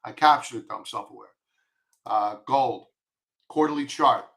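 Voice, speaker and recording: A man's voice: mid-range voice, normal speed, a bit bright. A man with a Long Island accent giving blunt, emphatic stock chart commentary, repeating his warnings. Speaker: market commentator.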